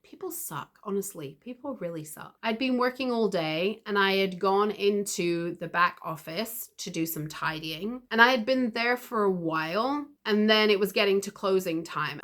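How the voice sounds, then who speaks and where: A woman's voice: medium pitch, fairly bright tone. A woman earnestly recounting a painful personal memory to camera, reflective and emotional. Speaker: video creator.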